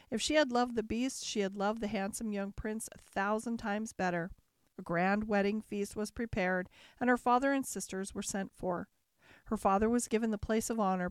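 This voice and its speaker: A woman narrating a classic fairy tale as a calm, measured bedtime story. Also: mid-range voice, smooth, no echo, clean studio sound.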